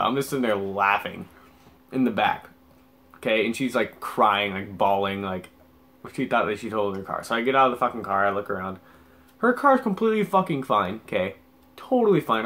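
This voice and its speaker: This young vlogger talks a little fast in a lowish, expressive voice with a fairly bright tone. His story wanders casually, thick with profanity and endless "like"s.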